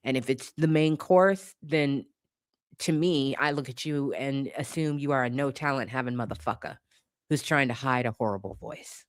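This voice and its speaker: A woman's voice: extremely low pitch, moderate pace, no echo, studio quality. A woman commentator in a casual opinion rant, blunt and profane, hammering her points by repeating them. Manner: emphatic, repeats points for force.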